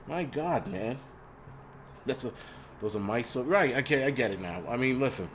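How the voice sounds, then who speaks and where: A man's voice: mid-range voice, lively intonation, moderate pace, slight background noise. A middle-aged man hosting a live stream in casual chat, blunt and profane, often laughing at himself. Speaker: host.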